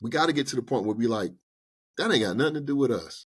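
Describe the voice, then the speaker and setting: In a podcast studio, a man hands out personal finance tips during a relaxed chat, speaking animatedly and colloquially while acting out little back-and-forths with banks. His mid-range voice is husky and he talks fast.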